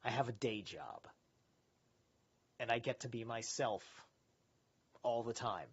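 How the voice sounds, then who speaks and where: A man's voice: mid-range voice, unhurried, husky, lo-fi sound. A man hosting a live stream, reading a philosophy text aloud and rambling candidly between passages, swearing and restarting often. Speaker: livestream host reading philosophy.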